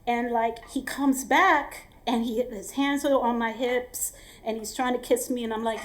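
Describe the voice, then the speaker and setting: Slow, candid woman telling a story on stage. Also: on the high side, steady tone. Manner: casual, candid, with fillers and repeated words. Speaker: storyteller at a live show. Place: stage at a live storytelling event.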